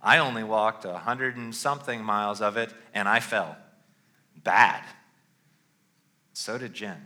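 A man's voice: lowish voice, unhurried, pushed and bright. A middle-aged male pastor giving a sermon in a loose, conversational way, often checking in with "all right?".

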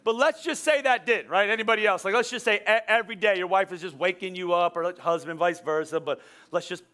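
A man in his forties preaching a sermon as a pastor, animated and storytelling with playful humor. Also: high voice, fast. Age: 40s. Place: church. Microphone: wearing a microphone.

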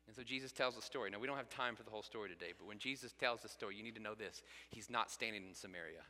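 Earnest pastor preaching in a reverberant hall. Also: male voice, fairly low pitch, rapid-fire, bright, forceful tone. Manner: earnest, builds to emphatic peaks. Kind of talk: sermon.

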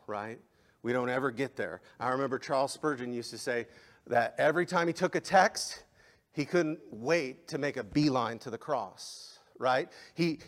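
A man preaching a sermon as pastor, impassioned, rising to emphatic peaks and then dropping quiet. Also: mid-range voice. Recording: long hall reverb.

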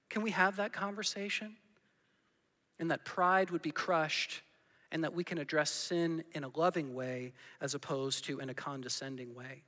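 A man's voice: high voice, bright, forceful tone, big-room sound. A man preaching a sermon to his congregation, earnest and full of questions put to the room. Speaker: pastor. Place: church hall.

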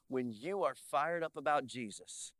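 A male pastor preaching an energetic sermon in a church, with playful asides and slow, drawn-out emphasis on key words. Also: medium pitch, dry recording. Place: church sanctuary.

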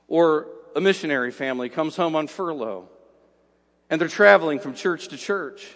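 A man preaching a sermon, moving between hushed storytelling and slow, emphatic declarations. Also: a little high, expressive, in a large hall. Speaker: pastor. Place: church sanctuary.

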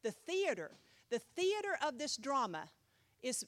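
A woman pastor teaching a Bible class in a chatty, animated way, often asking the class questions. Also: sits high, a little slow, no echo.

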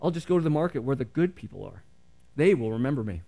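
A man's voice: mid-range voice, very animated, quick pace, creaky, mellow. A man voicing a proud male donkey who crossly demands attention, read aloud as part of a sermon story. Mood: indignant. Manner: crossly demanding, self-important.

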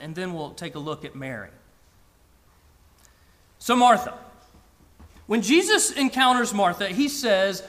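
A man reading scripture and preaching a sermon in a slow, measured way with emphatic pauses. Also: high-pitched, a bit bright, big-room sound.

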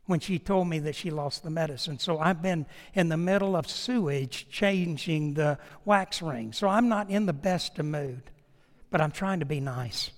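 A male pastor, preaching a sermon through folksy, humorous storytelling that turns into earnest appeals. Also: sits high. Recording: long hall reverb.

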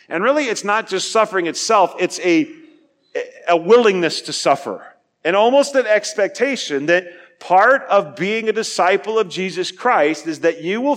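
A man preaching a sermon, earnest, asking his listeners questions and building to emphatic peaks before dropping quiet. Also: sits high. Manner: asks the listeners direct questions. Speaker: pastor.

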